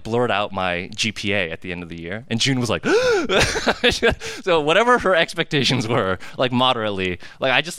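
A man's voice: lowish voice, bright, forceful tone, clear, resonant tone, dry recording. A man in his thirties from the United States giving a casual personal sermon as a pastor, telling confessional stories in a conversational way full of "like" and "right?". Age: 30s. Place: hall with a cafeteria.

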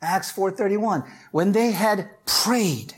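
Husky-voiced conversational preacher. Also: takes it slowly. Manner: conversational preaching with frequent "right?" and "you know?"; rises in pitch and force when stressing a point. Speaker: pastor. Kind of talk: sermon.

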